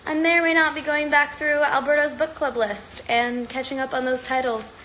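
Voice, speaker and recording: A chatty woman with a fairly high voice, talking casually to her viewers on a livestream. She rambles in an upbeat way and sounds slightly out of breath from exercising. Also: little pitch movement, normal speed, bright, forceful tone, slight background noise, rough recording. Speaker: livestream host. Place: at home.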